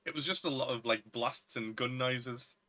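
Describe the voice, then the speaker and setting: A man's voice: medium pitch, moderate pace, pushed and bright. A man, co-hosting a casual film chat in a chatty, opinionated way. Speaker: podcast co-host.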